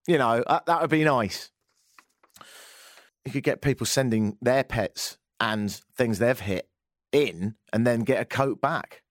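A man hosting a talk radio show, rambling through a monologue with a wry, self-mocking streak. His pitch jumps up and down a lot as he talks. The studio sound is dry and close, with no room echo. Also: animated, moderate pace.

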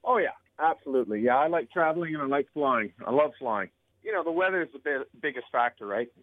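A man's voice: medium pitch, expressive, quick pace, dry recording. A man, an airline pilot from North America, chatting casually as a radio guest. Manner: easygoing, laughs along, tries silly accents. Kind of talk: casual radio chat by phone. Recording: phone line.

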